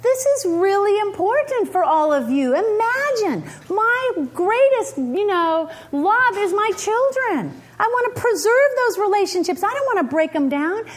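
Speaking at a measured pace with few pauses in a very high voice, a middle-aged woman delivers a motivational leadership talk. She tells lively stories, laughs, acts out quotes and poses questions to the audience.

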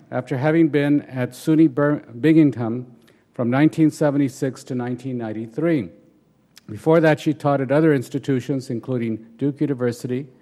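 A man's voice: medium pitch, warm tone. A man moderating an academic panel, formally introducing the next speaker from a prepared biography.

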